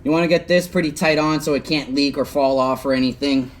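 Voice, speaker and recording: A man's voice: a little high, steady tone, fairly quick. A young man chatting casually on an outdoor livestream while he works on a truck, hot and sweating, recorded on a phone. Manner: chatty, talks while working, often mutters. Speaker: livestreaming YouTuber. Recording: faint outdoor noise.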